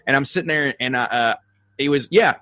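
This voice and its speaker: A man with a Southern US accent, co-hosting a podcast and telling a story in loose, animated chat, swearing freely and mimicking voices. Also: medium pitch, fairly quick, dry recording. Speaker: podcast co-host. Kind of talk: casual chat.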